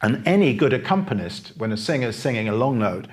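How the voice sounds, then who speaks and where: Piano teacher explaining at the piano. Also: male voice, medium pitch, big pitch swings. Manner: patient, explanatory, pauses to play examples. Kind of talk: masterclass demonstration at the piano. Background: piano playing between phrases.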